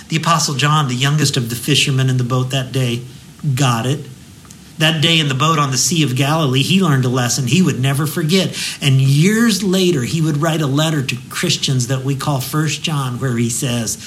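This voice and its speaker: A man giving a devotional sermon as a pastor, telling the story vividly and slowing into a hushed prayer. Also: fairly high pitch, lively intonation, slight background noise, low-quality recording.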